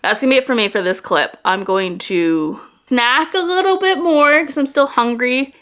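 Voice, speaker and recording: A woman's voice: fairly high pitch, normal speed, a bit bright, clean tone. Chatty young woman book vlogger. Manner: chatty, swears freely, gets worked up and ranting. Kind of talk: casual vlog chat.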